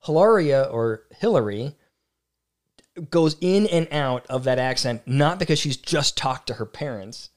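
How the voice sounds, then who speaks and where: Man co-hosting a chat podcast, blunt and opinionated, medium pitch. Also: animated, a little slow. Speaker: podcast co-host. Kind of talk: casual chat.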